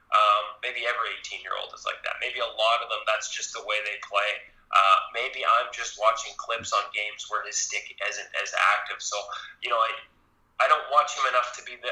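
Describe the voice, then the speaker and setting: A man's voice: mid-range voice, bright, forceful tone, reverberant, rough recording. A man being interviewed as a goaltending analyst, talking thoughtfully and hedging his points with frequent restarts.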